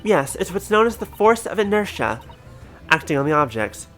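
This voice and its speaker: A man's voice: high voice, big pitch swings, normal speed, a bit bright, faint music behind, pitched above the performer's own voice. A polite, well-read young woman assistant, read aloud by a man. She explains things earnestly and patiently, in a slightly raised voice. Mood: explaining.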